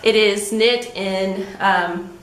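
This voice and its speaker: A woman's voice: medium pitch, fairly even intonation, drawn-out words, roomy sound, a little hiss or hum, low-quality recording. A woman co-hosting a podcast, chatting casually about her knitting with frequent ums and light laughs. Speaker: podcast co-host.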